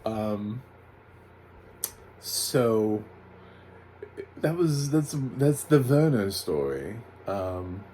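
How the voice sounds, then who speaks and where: A man with a fairly low voice recaps a TV episode in a loose, rambling way and keeps tossing in sarcastic jabs. A faint hum sits underneath his voice. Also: warm tone, poor audio. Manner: sarcastic, rambling, laughs often. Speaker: TV recap reviewer. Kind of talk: casual spoken review.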